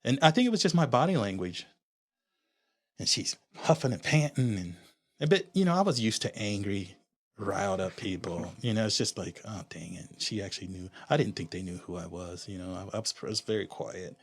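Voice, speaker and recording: Speaking briskly with lively intonation and a fairly low pitch, a man from Honduras tells his own story as a guest on a podcast. He is candid and reflective, and he tends to restart sentences as he goes.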